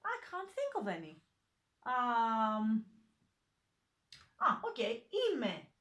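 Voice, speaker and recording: Slow, patient woman teaching a lesson. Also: fairly high pitch, huge pitch swings, fairly bright tone. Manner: patient, many fillers and self-corrections. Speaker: language teacher. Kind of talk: slow, hesitant online lesson explanation.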